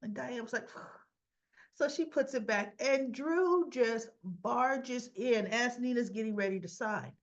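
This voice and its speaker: A woman's voice: a little high, slow, highs cut off. A woman chatting through a casual soap opera episode recap, acting out the characters' lines as she goes.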